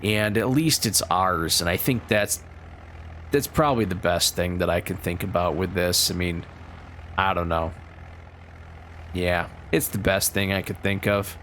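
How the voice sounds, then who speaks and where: A man hosting a farming-sim role-play, talking in a folksy, excitable, rambling way. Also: deep voice, measured pace, a little hiss or hum. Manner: folksy, excitable, lots of "you betcha"; chatty and rambling with frequent restarts. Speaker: gaming channel host. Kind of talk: role-play gameplay commentary.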